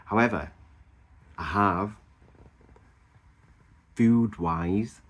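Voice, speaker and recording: Deep-voiced gushing man vlogging. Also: extremely slow. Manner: gushing and animated, frequent ums and laughs. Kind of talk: casual chatty weight-loss update.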